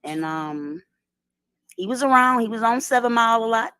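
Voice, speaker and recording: A woman's voice: on the high side, expressive, normal speed, pushed and bright, clean tone, no room sound. Woman explaining in a dry room. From Detroit, USA. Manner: explanatory, asks "right?" often, street slang. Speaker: guest. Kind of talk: casual conversational lecture.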